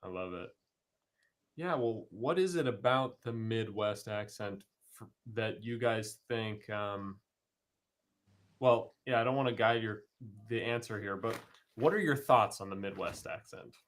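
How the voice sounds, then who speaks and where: A man from California, hosting a casual chat over a video call, earnest and a little halting. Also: on the low side. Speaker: filmmaker host.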